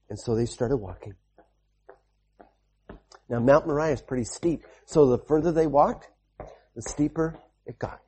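A man preaching a children's sermon, telling a Bible story in an animated way, repeating lines and calling out amens. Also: fairly high pitch, a little slow, pauses often, breathy edge. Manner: animated, repetitive, with call-and-response amens.

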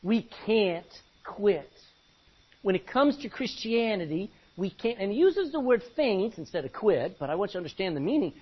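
Husky, animated male preacher. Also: high-pitched, moderate pace, dull audio. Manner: emphatic, repeats phrases, asks for amens. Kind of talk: sermon.

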